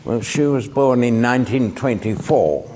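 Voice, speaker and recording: A man in his nineties, originally from Germany, answering questions briefly and calmly as a Holocaust survivor meeting students. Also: mid-range voice, normal speed. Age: 90s. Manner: brief, calm replies. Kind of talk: conversational answers. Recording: distant mic with faint noise.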